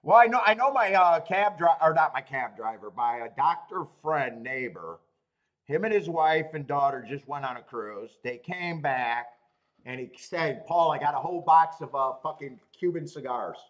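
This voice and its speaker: Casual male stream host, 30s, fairly high, lively pitch, profane and rambling. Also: normal speed. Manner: swears freely, rambling, laughs often. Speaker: host of a live streaming show. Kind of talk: casual chat reading live chat.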